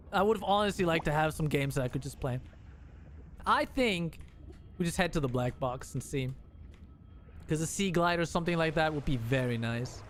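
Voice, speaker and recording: A male streamer giving casual gameplay commentary, excitable and swearing, with frequent laughs. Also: on the high side, slight background noise.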